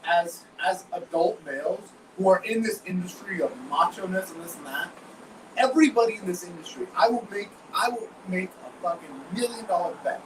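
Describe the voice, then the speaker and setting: A man's voice: sits high, normal speed. A man in a candid podcast conversation, blunt and swearing freely, acting out his own inner voice. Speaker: guest. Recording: roomy, distant mic with background noise.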